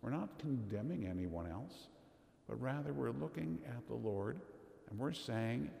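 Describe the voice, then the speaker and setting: Man preaching a homily, gravelly, mellow tone, measured and earnest, church reverb. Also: on the low side, animated. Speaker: Catholic priest. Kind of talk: homily at Mass. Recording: echoey church with long reverb.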